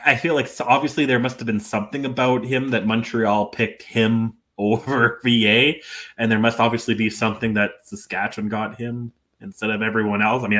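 A man's voice: lowish voice, sharp tone. A man talking casually on a sports podcast, rambling and self-deprecating, restarting often. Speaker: podcast co-host.

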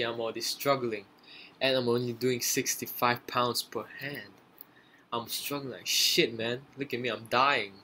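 A man's voice: lowish voice, a bit bright, a little hiss or hum, rough recording. A young man giving casual, profanity-laced commentary on a workout as a fitness vlogger. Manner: laid-back, swears a lot. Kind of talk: casual gym vlog commentary. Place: gym.

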